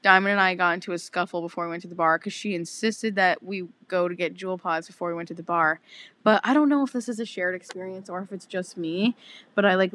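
Animated young woman telling a story. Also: on the low side. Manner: animated storytelling with lots of swearing and acted-out quotes. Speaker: podcast co-host. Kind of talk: casual chat.

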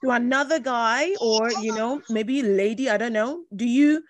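A woman hosting a podcast interview, probing with questions, teasing her guest, and jumping in with quick reactions. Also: on the high side. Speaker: podcast host. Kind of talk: conversational interview.

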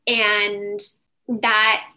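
Bright-voiced woman telling a story casually. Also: medium pitch, flat delivery, drawn-out words. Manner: rambling, full of "like" and "um". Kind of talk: casual chat, personal storytelling.

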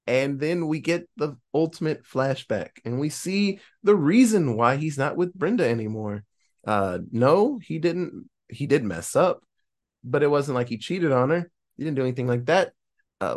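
A man hosting a podcast, casually recapping a horror film and acting out the characters' lines. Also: medium pitch. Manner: animated storytelling, acting out quoted lines. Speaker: podcast host.

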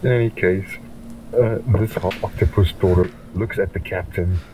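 A man's voice: low-pitched, fairly even intonation, normal speed. A man narrating as game master, playful and laid-back. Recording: distant mic with faint background noise.

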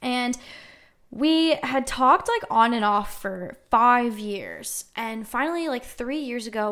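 A woman's voice: a little high, animated, slow pace, a bit bright. A young woman hosting a podcast, telling a personal story in a chatty way, full of "like" and wry jokes. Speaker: podcast host. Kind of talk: casual storytelling monologue.

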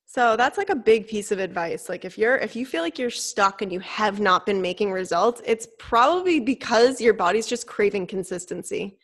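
A woman's voice: mid-range voice, animated, normal speed, hardly any pauses. A young woman co-hosting a podcast in casual chat, blunt and emphatic, swearing freely as she gives fitness advice. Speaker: podcast co-host.

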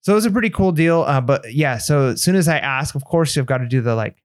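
A man's voice: on the high side, fast, no room sound, clean studio sound. A man on a podcast telling a story in casual chat, acting out the lines of the people in it. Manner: animated anecdote telling, acts out quoted dialogue. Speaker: podcast co-host.

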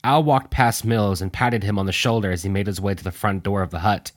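Low-voiced man narrating a story. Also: fairly quick, no room sound. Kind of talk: audiobook narration.

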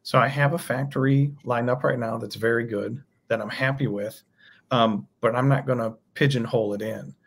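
Guest, male, gravelly and a bit raspy, loose easygoing explainer. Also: mid-range voice, steady tone, moderate pace. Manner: thinks aloud, loose restarts. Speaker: toy designer guest. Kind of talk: casual interview chat.

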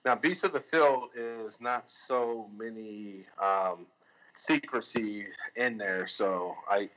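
A man's voice: fairly low pitch, slow, fairly bright tone, poor audio. A man chatting casually as a filmmaker guest on a podcast, rambling with lots of fillers and restarts.

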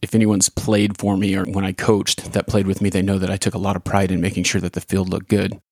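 A man's voice: low-pitched, monotone, a little fast, darkish tone, dry recording, clean studio sound. A man who used to coach baseball, hosting a short podcast episode and reflecting in a plain, conversational way. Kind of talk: casual spoken podcast with read-aloud story.

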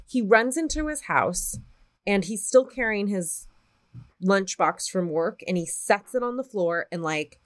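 A woman's voice: mid-range voice, unhurried. A woman co-hosting a podcast, casually retelling a ghost story with plenty of swearing. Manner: profane, animated retelling of a spooky story. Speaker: podcast co-host.

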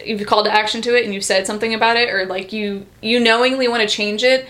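A woman's voice: fairly high pitch, steady tone, fast, a bit bright. A woman co-hosting a casual podcast, reading dream-dictionary definitions aloud and chatting about them, sometimes stumbling over words. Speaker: podcast co-host.

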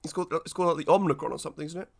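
A man's voice: on the high side, steady tone, rapid-fire, creaky, slight background noise. A man co-hosting a podcast in casual chat, playful and teasing, often laughing. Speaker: podcast co-host.

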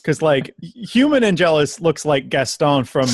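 A man's voice: fairly high pitch, big pitch swings, measured pace, no room sound, studio quality. A man hosting a casual podcast, running through the segments and joking about the episode. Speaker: podcast host.

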